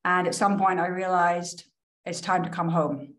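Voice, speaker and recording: Scottish woman with a softened accent. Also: on the low side, flat delivery, moderate pace. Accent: Scottish, softened by years in New York. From Scotland. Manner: open, reflective storytelling. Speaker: guest, politician. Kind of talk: conversational interview.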